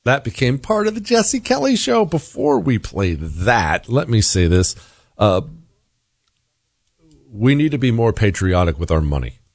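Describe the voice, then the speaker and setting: Emphatic talk radio host, lively. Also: male voice, mid-range voice, measured pace, no echo, clean studio sound. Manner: emphatic, rhetorical questions, sarcastic. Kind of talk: opinionated talk radio monologue.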